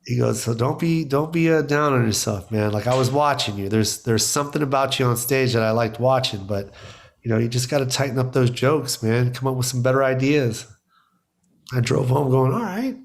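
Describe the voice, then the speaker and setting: A man's voice: mid-range voice, brisk. A man, a stand-up comedian, telling stories in a casual interview, acting out quotes and laughing often. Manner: excited storyteller, acts out quotes, laughs often. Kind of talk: animated storytelling in casual chat.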